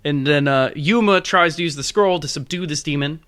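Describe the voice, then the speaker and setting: Young male podcast co-host, bright and slightly high voice, stumbling through casual chat. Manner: rambling, halting, lots of restarts and fillers.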